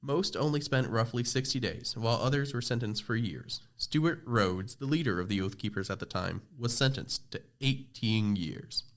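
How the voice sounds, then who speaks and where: A man's voice: mid-range voice, lively intonation, moderate pace, few pauses. Teenage boy reading a school report. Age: teens. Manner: reads steadily, with small slips and restarts. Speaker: student presenter. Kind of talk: scripted narration for a school project podcast.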